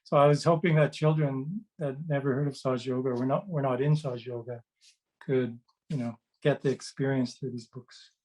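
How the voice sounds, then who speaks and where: On a rough-sounding video call, a children's book author and meditation host in middle age tells kids meandering stories in a casual chat. His medium-pitched voice is steady and a little mellow, his pace a little fast, and he often uses fillers and restarts.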